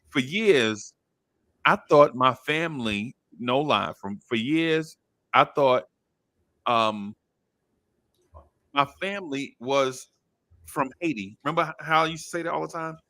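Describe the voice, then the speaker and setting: Man co-host, gravelly and bright, slangy casual talk with lots of "um" and restarts. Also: mid-range voice, takes it slowly, pauses often. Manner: relaxed, hesitant, filler-heavy, slangy. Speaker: podcast co-host. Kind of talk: casual chat.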